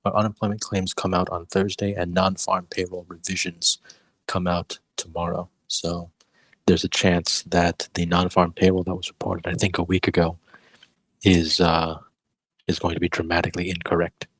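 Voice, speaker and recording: Low, flat-voiced man talking markets. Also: no room sound, poor audio. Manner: measured, analytical, lays out conditions step by step. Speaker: regular trader in a live voice chat. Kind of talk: casual market discussion. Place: in a city, away from home.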